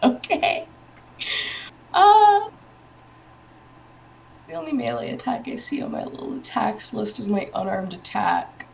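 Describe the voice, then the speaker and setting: A woman playing a tabletop game online, answering in a hesitant, unhurried way. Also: on the high side, sing-song, creaky, darkish tone, a little hiss or hum. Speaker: player.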